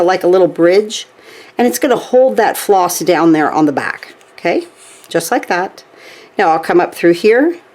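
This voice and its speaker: A woman's voice: medium pitch, a little mellow. A woman demonstrating a stitching craft step by step, chatty, checking in with "okay?" as she works. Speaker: craft tutorial host.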